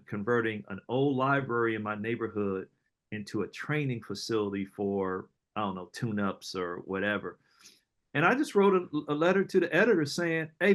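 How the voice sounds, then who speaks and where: A middle-aged man, an entrepreneur guest, telling casual stories in an animated, slangy way, often acting out other people's lines. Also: mid-range voice. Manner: animated storyteller, slangy, acts out quoted voices, laughs often. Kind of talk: casual storytelling interview.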